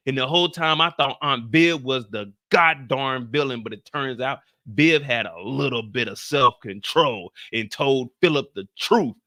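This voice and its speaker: Animated, profane live-stream host. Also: male voice, unhurried, few pauses, dry recording, studio quality. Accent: US Midwestern. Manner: animated and profane, swinging from low mutters to shouted outrage. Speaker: live after-show host. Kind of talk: casual live-stream recap and rant.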